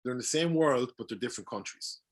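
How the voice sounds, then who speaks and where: A man's voice: mid-range voice, expressive, fast talker. A young man who is a voice-acting guest, chatting casually and eagerly explaining his craft with examples. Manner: eager, explains with examples, many fillers and restarts. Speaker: voice actor guest. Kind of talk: casual podcast chat.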